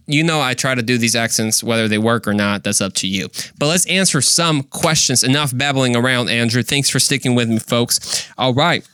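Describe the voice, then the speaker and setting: A man hosting a solo Christian podcast in an earnest, chatty voice of ordinary pitch. He poses rhetorical questions and talks casually. The recording is close and dry. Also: moderate pace, bright, forceful tone, smooth, no room sound.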